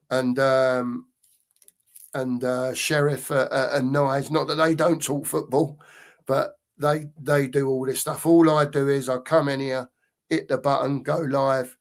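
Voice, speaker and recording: A middle-aged man co-hosting a football fan channel, chatting loosely on a live stream and reading out viewer comments. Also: mid-range voice. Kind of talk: casual live-stream chat.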